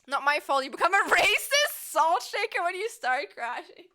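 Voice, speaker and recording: A woman's voice: extremely high pitch, big pitch swings, normal speed, sharp tone. A young woman from Germany, chatting casually with viewers on a live stream, giggling often and rambling playfully.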